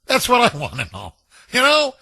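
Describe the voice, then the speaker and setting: Brash high-voiced talk radio host man. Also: wildly swooping pitch, normal speed, creaky, pushed and bright, breathy edge, no echo. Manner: brash, laughing, taunting. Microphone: studio microphone.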